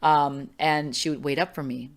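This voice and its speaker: A middle-aged woman with a low voice speaks at normal speed as an interview guest on a podcast. Casual and animated, she tells a personal story with lots of fillers and acts out what others said.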